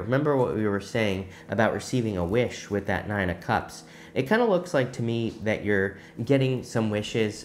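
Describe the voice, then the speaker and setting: Low-voiced man giving a tarot reading. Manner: conversational, musing, many "I feel" asides. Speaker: tarot reader. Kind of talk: weekly tarot reading for viewers.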